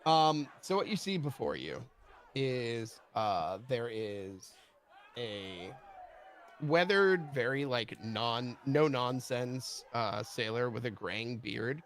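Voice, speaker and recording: A man narrating as game master of a tabletop role-play game, relaxed and unhurried. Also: medium pitch, some chatter behind, slight background noise.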